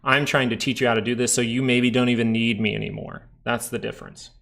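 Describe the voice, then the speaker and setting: Male live-stream market host, gravelly, mid-pitched, relaxed chatty explainer who answers chat. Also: fast talker. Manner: chatty, explains while reading viewer chat; frequent tag questions like "right?". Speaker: stock market livestream host. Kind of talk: casual live chart analysis.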